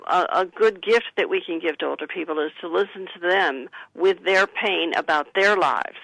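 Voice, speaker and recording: A woman's voice: fairly low pitch, moderate pace, gravelly, fairly bright tone, no echo, low-quality recording. A woman who is an author, giving earnest advice as a guest in a radio interview. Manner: earnest, advising, gives listeners example phrases. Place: studio.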